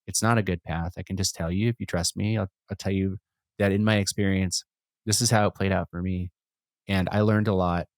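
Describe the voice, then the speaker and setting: A man with a very low voice talks through his ideas as a podcast guest, circling back and restarting often. The sound is close and dry, with no room around it. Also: steady tone, a little fast, dry recording. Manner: reflective, rambling with restarts and laughs. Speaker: podcast guest, musician and entrepreneur. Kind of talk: casual conversation.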